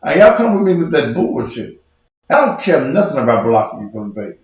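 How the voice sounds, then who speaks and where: A man's voice: mid-range voice, very animated, fairly quick, a little mellow, highs cut off. A man who preaches and hosts his own show, in a heated livestream rant, profane, combative and mocking. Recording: very echoey room.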